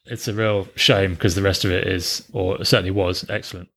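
Man, bright forceful tone, blunt, sarcastic, sweary, casual chat. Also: low voice, level tone, fairly quick, vocal fry. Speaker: podcast co-host.

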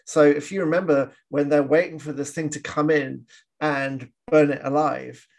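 A man's voice: a little high, fairly even intonation, normal speed, creaky. A man co-hosting a podcast, chatting casually about old films, laughing often and acting out quoted lines. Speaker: podcast co-host. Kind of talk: casual film discussion.

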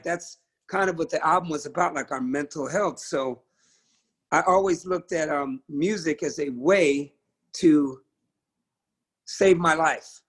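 Middle-aged male musician guest, husky and a touch high-pitched, speaks with fiery conviction and free swearing over a video call. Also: a little slow, a bit bright. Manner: passionate, emphatic, swears freely. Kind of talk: candid conversational interview.

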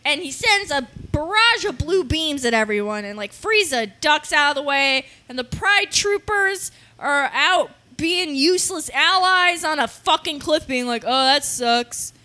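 Woman, podcast co-host, high voice, bright tone, crude playful recap, casual chat. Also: lively intonation, unhurried, hardly any pauses. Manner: crude, playful, acts out characters while recapping.

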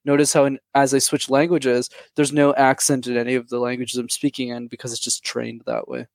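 A man with a faint Quebec accent, talking as a friendly guest in an interview. His voice has a gravelly edge, and he speaks quickly with restarts. The sound is close and dry. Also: medium pitch, completely flat delivery, no echo. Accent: light Quebec. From Canada, Montreal. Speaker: guest, YouTube channel host. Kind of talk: casual interview chat.

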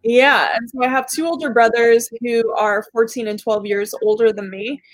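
A young woman with a Canadian accent, whose first language is Arabic, chatting as a guest on a video call, bubbly and quick to laugh. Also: on the high side, fairly even intonation, no room sound. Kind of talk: casual interview chat.

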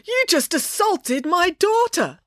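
A woman's voice: very high voice, very animated, slow pace, a bit bright, no echo, clean studio sound, pitched above the performer's own voice, exaggerated voice. A woman reading aloud, voicing an indignant, protective father in a storybook. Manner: indignant, emphatic.

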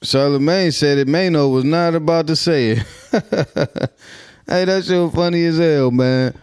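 A man from Minnesota with a fairly high, smooth, slightly mellow voice speaks at a measured pace. As a commentary vlogger, he riffs on the news for his viewers in loose, laughing, slang-heavy street talk.

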